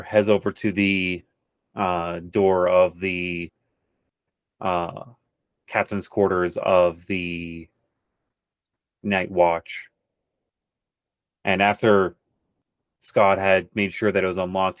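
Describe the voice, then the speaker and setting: Slow, low-voiced man running a tabletop game. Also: flat delivery, clear, resonant tone, dry recording. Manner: slow, halting, many fillers. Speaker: game master.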